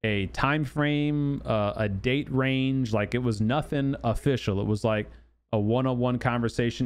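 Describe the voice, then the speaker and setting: A man's voice: medium pitch, a little slow, clean tone. A man hosting a gaming channel, talking loosely through game news with many fillers and restarts. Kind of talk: casual commentary on game news.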